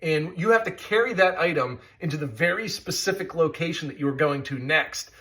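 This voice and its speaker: A man's voice: a little high, expressive, moderate pace, a bit bright. A man giving an enthusiastic, chatty review of a video game. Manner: enthusiastic, chatty, with scoring asides. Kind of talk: casual review commentary.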